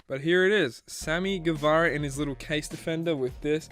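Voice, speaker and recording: A man with an Australian accent, joking and getting excited as he unboxes and reviews a collectible figure. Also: fairly high pitch, moderate pace, hardly any pauses. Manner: goofy, jokey, excitable. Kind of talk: casual unboxing chat.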